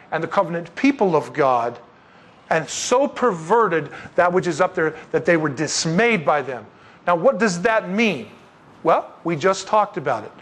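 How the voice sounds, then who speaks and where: A man leading an evening Bible study, talking through scripture in an animated, conversational way with joking asides and rhetorical questions. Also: sits high. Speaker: Bible teacher.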